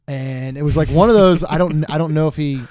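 A man's voice: on the high side, brisk, no echo. Wry man co-hosting, dry close sound. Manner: relaxed, wry and joking. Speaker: podcast co-host. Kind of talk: casual chat.

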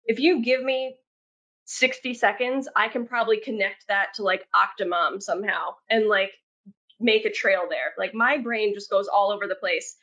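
A woman guest on a podcast telling stories casually, chatty and expressive. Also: mid-range voice, normal speed, muffled recording. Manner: chatty, talks with her hands, many "like" fillers. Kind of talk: casual storytelling.

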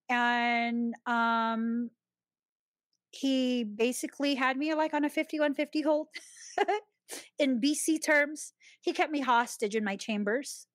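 Woman, podcast host, casual storytelling, bright-pitched, dry close sound. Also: no room sound. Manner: chatty and expressive, laughs often while telling a story.

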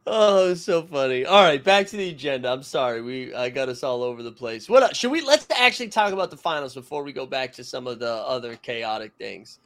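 A man's voice: medium pitch, expressive, brisk, hardly any pauses, fairly bright tone. A man co-hosting a casual sports talk show, telling anecdotes animatedly and laughing through them. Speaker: podcast co-host.

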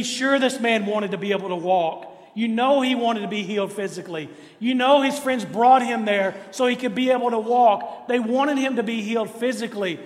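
Pastor, male, high voice, emphatic preacher, reverberant church hall. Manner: emphatic preaching with repeated refrains. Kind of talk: sermon. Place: church sanctuary.

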